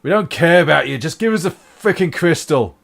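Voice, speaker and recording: A man voicing an aggressive male cult thug who shouts threats and demands. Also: medium pitch, fairly even intonation, brisk, lightly acted. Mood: threatening.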